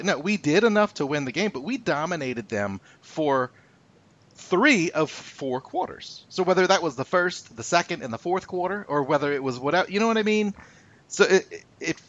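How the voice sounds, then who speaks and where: Animated man steering sports talk. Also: a little high, no echo, dull audio. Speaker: host.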